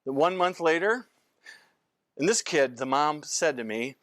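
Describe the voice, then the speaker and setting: A man's voice: on the high side, animated, moderate pace, fairly bright tone, no echo. An older male physician giving an informal training lecture, rambling through anecdotes and often breaking off to restart his sentences.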